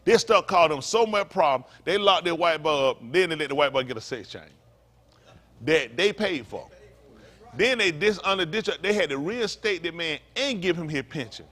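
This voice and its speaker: A man's voice: fairly high pitch, animated, normal speed, fairly bright tone. A man preaching to a congregation in a fiery, emphatic way, repeating his points and throwing in mocking asides. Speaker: pastor.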